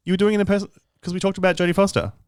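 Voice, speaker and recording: A man's voice: sits high, fairly even intonation, rapid-fire, a little mellow, clean tone, dry recording. A man co-hosting a horror podcast, teasing his friends in playful casual chat and opening the episode. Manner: playful ribbing, mock accents, jokey. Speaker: podcast co-host.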